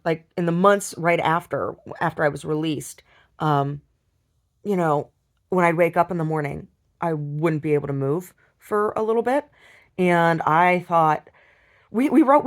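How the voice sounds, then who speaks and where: A woman telling a personal story in a video diary, upset, rambling and halting with many restarts and repeated words. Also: deep voice. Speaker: video diarist.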